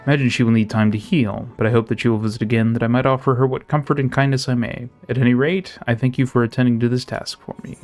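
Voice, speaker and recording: A man's voice: medium pitch, fairly even intonation, quick pace, few pauses, faint music behind, natural voice. A man voicing a courteous townsperson in a game, reading the lines politely and formally. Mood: solemn. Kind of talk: reading game dialogue aloud.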